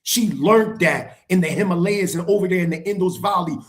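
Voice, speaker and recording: A man's voice: high-pitched, brisk. A middle-aged man speaking as a guest on a live stream, heated and lecturing, hammering his points by repeating phrases.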